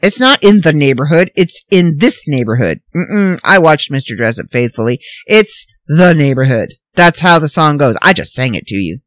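A woman hosting a casual solo podcast, ranting in an animated, incredulous, rambling way. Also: low voice, normal speed, hardly any pauses, no echo. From Canada. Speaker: podcast host.

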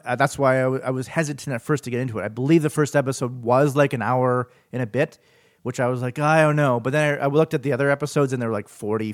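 A man's voice: no echo, clean studio sound. Ranting podcast host, man. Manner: animated ranting, swings up and down in pitch.

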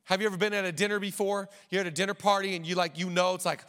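A man preaching a sermon as pastor, lively, with joking asides and repeated phrases for emphasis. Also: high voice, brisk, hardly any pauses. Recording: long reverb of a large hall.

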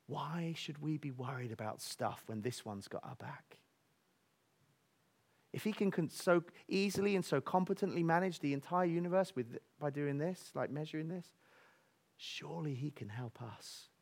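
Preacher guy, kinda high voice, gets loud telling a story then goes all hushed and whispery. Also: moderate pace, vocal fry. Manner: animated storytelling, dropping to soft near-whispers for emphasis. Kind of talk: sermon.

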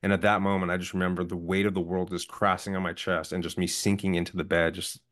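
A young man in his twenties, a podcast guest, calmly and earnestly telling a personal story, candid and now and then swearing. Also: low-pitched, fast talker. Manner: calm, earnest, candid with profanity.

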